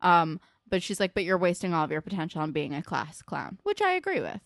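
Blunt, lively low-voiced woman. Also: creaky, dry recording, studio quality. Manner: blunt and sweary, quick asides. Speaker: podcast co-host. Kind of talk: casual recap chat.

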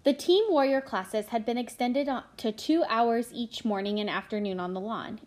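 A woman narrating a children's novel aloud in an expressive reading style, with small slips and restarts. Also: medium pitch, rough recording. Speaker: audiobook narrator.

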